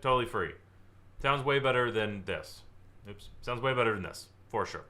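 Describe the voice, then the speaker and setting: A man from Southern California giving a live online sales training, energetic and acting out client conversations to make his points. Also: mid-range voice, moderate pace. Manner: energetic, acts out client dialogue, exaggerates for effect.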